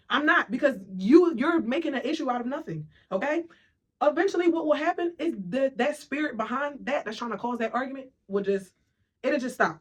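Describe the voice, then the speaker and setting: A rapid, emphatic motivational monologue. The speaker keeps checking in with the listener through short asides and slips into quick impressions of other people's voices. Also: high voice, expressive, husky. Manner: emphatic, keeps asking "right?" and "okay?".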